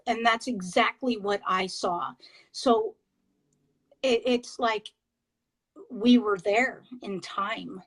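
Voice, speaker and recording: A woman on a video call, a paranormal investigator, telling her experiences in an excitable, halting way with many fillers and restarts. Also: medium pitch, rough recording. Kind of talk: casual interview storytelling.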